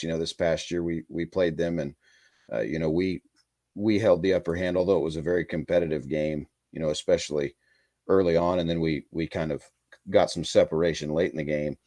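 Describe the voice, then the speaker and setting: A man who coaches high school football, talking in a rambling, easygoing way with lots of fillers and restarts. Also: a little mellow, no echo, clean studio sound. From Kansas. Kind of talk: casual podcast interview.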